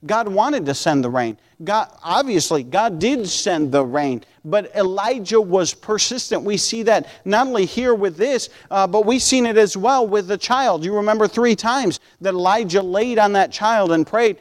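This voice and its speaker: A man with a high, expressive voice preaches a sermon and reads Bible verses. He's earnest, drawing out key words for emphasis and frequently starting phrases over.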